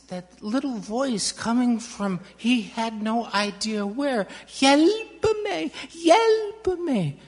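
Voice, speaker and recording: Unhurried children's-message storyteller, long reverb in a large sanctuary. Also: mid-range voice. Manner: slow, questioning the children, dramatic pauses.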